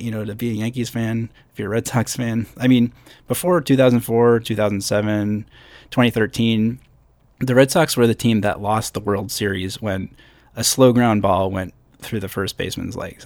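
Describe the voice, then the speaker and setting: Gravelly-voiced man hosting a solo podcast. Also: medium pitch, no echo. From upstate New York. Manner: conversational, self-deprecating asides. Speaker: podcast host. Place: hotel room. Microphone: podcast microphone with pop screen.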